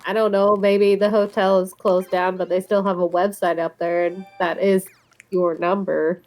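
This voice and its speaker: A woman's voice: mid-range voice, level tone, normal speed, darkish tone. A woman chatting casually with friends on a livestream, in a laid-back, easygoing way. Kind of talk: casual chat among friends.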